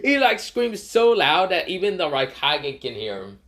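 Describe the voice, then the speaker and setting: A man's voice: high-pitched, sing-song, normal speed, fairly bright tone, pitched above the performer's own voice. A man doing Dragon, a screaming, foul-mouthed young ninja. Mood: raging. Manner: screaming, swearing.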